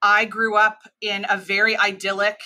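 An American woman in her thirties with a flat mid-Atlantic accent, speaking as an interview guest. Her voice is bright and forward, and she explains her points in long, animated stretches. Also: medium pitch, normal speed. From United States. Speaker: podcast guest, cross-cultural expert. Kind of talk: conversational interview.

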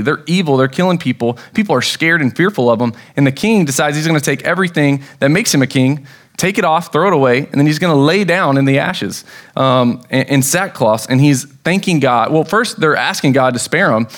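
Young American male pastor, slightly raised pitch, casual storytelling sermon with excited bursts.

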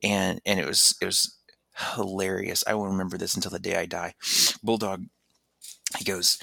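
A man in casual conversation telling a personal story, lively and animated, jumping into higher voices when he quotes people, with lots of false starts. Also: moderate pace, creaky, no room sound. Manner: animated, acts out quotes in raised voice, many restarts. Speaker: podcast guest telling his story.

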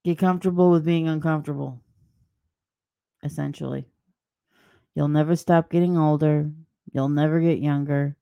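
Woman podcast host: low, gravelly, dark tone, blunt sarcastic rambling monologue. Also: no room sound. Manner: mocking put-on voices when quoting people. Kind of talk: opinionated solo podcast monologue.

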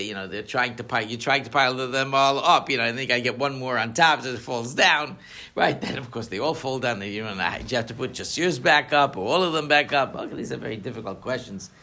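A rabbi teaches a class with lots of energy, firing off rhetorical questions and small jokes. This man has a mid-pitched voice. He drops Yiddish and Hebrew words into plain, chatty speech in front of a room of listeners. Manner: animated, joking, full of rhetorical questions; sprinkles Yiddish and Hebrew terms. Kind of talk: lively Torah class talk.

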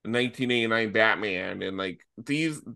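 A man co-hosting a casual film review podcast, talking excitedly and swearing freely. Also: fairly low pitch, normal speed, creaky. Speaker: podcast co-host.

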